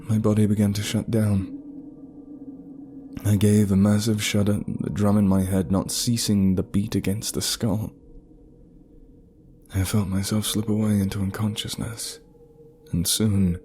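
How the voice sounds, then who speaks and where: Deep-voiced man narrating horror. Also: dark tone. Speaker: storyteller.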